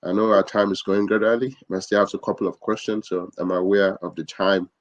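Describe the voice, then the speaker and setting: Low-voiced man hosting a podcast. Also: flat delivery, no room sound. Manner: affirming, halting and repetitive questions. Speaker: podcast host. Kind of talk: interview questions.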